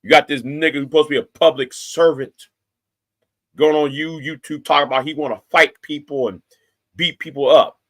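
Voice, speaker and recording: A YouTube commentator in his forties confronts the camera with a threatening, profanity-laced rant, repeating lines to drive them home. His voice sits a little high, holding a steady tone that's fairly bright, at a moderate pace.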